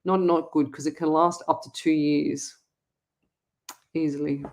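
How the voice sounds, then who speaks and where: A woman's voice: low-pitched, little pitch movement, a little slow. A woman hosting a live psychic reading show, talking to viewers in a rambling, chatty way with many restarts. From Australia. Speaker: psychic medium host.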